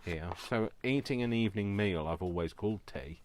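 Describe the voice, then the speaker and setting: A man's voice: on the low side, fairly quick. A man with a British accent chatting casually and rambling while he crafts at home, laughing often. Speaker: craft video host.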